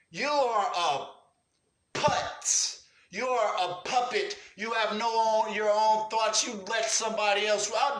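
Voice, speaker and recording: A man's voice: sits high, sharp tone, reverberant. A man hosting a livestream rant, angry and profane, talking street slang and cussing at viewers. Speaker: livestream host. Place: indoors at home.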